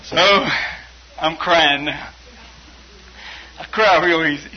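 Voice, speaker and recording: A man's voice: a little high, fairly even intonation, takes it slowly. A man telling a personal faith testimony, acting out the voices of people in the story. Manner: acts out quoted voices, shouting and tearful in spots. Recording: dull broadcast audio with faint hiss.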